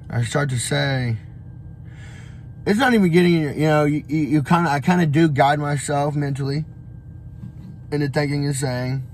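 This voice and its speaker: A man's voice: on the high side, slight background noise. A young man vlogging on the road, giving a blunt, profane motivational rant full of fillers and restarts. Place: on the road, traveling.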